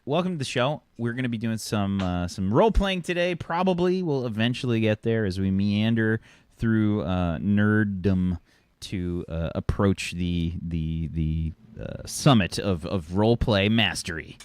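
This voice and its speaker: A man's voice: on the low side, animated, a little slow, clear, resonant tone, no echo. Rambling male game master. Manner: rambling, full of restarts and fillers. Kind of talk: hosting a tabletop game stream.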